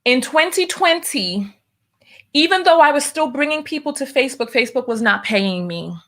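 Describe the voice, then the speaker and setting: A woman's voice: sits high, lively intonation, normal speed, fairly bright tone. A woman hosting her own livestream show, talking casually and venting her frustration, with many restarts.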